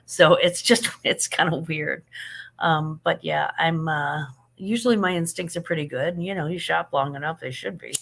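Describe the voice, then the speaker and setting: A woman's voice: deep voice, normal speed, creaky, a bit bright. Sleepy, chatty middle-aged woman livestreaming. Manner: chatty, laughing, affectionate toward viewers. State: sleepy, yawning. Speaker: livestream host answering chat. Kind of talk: casual live chat.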